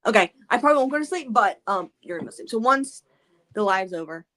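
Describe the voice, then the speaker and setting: A woman's voice: medium pitch, animated, fast, pushed and bright. A woman co-hosting a book club livestream in casual chat, hesitant and often trailing off. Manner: hesitant, trailing off, laughing easily.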